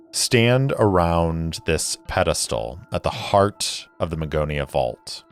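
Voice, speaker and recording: A man narrating and playing a solo tabletop role-playing game in a deliberate, descriptive way. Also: deep voice. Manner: deliberate, descriptive, with dice-roll asides. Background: faint music.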